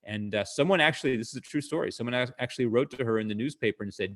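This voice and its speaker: A man's voice: mid-range voice, very fast, few pauses. A male comedian talking casually to an online audience over a video call, in a conversational way, explaining his jokes and using a lot of fillers.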